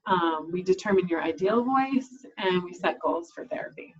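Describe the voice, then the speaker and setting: A woman's voice: on the low side, expressive, normal speed, muffled recording. A woman speech language pathologist giving an explanatory talk to camera, with frequent fillers and restarts.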